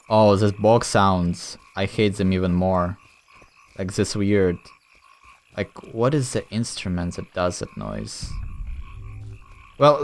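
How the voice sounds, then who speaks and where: Guy doing a let's-play, slow unhurried talk, thinks out loud, kinda rambly. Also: fairly low pitch, slight background noise. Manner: relaxed, rambling, thinking aloud with many fillers. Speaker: gameplay commentator. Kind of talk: casual let's-play commentary.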